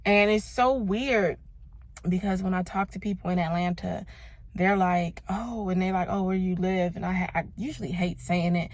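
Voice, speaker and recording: A woman in her thirties from Los Angeles, United States, vlogs casually and emphatically about her faith and her year, calling listeners "baby" and "y'all." Her voice is on the low side at a moderate pace, in a dry recording.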